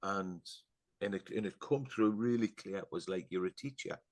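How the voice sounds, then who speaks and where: A middle-aged man with a very deep voice, talking as a podcast guest. He rambles through fillers and asides in casual chat. He often sinks into a hushed, earnest tone. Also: moderate pace. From England.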